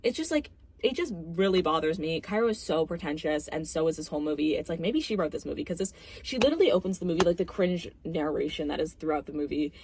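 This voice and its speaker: A young woman rants to the camera in a casual movie review, exasperated, swearing, and saying "like" constantly. Her voice sits low and darkish with a breathy edge and lively intonation, and she talks fast with few pauses. The recording is dry.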